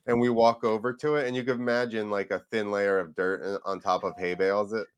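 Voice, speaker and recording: A man with a fairly low voice sits in as a guest and spins a long, rambling story. He talks casually, drops the odd swear word, and slips into quick impressions of the people he is quoting. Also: little pitch movement, smooth. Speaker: podcast guest, freestyle motocross rider.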